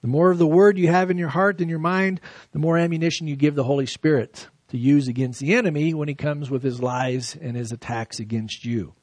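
A man preaching a verse-by-verse sermon, reading scripture slowly and then explaining it with lively emphasis. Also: a little high, no echo. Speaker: pastor. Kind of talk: expository sermon.

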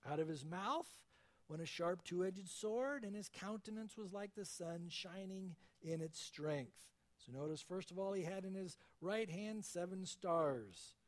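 A man preaching a verse-by-verse sermon, fervent and emphatic, his voice jumping up in loud peaks. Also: high-pitched, lively intonation, a little slow. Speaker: pastor.

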